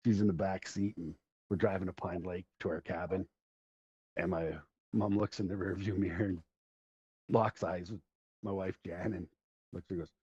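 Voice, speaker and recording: With a low, steady, darkish and slightly rough voice, this Central Alberta man hosts a podcast at a moderate pace, pausing often. He's middle-aged and spins long, rambling stories with laughter, captured in a dull lo-fi recording.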